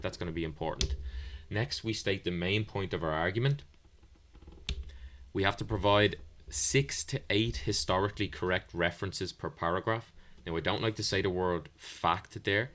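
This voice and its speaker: Low-voiced man teaching history. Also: a bit bright. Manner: explanatory, plain-spoken, with fillers. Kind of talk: online exam revision lesson.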